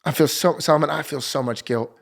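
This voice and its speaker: A man's voice: on the high side, fairly quick, vocal fry. A man, a guest on a podcast, earnestly telling a story about his family and acting out the dialogue. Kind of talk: casual conversation.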